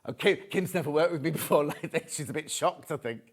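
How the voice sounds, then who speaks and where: A man with a fairly high voice hosts a live television shopping show. He talks in a chatty, camp and jokey way. He also reads out viewer messages as he goes. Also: quick pace. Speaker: shopping channel presenter.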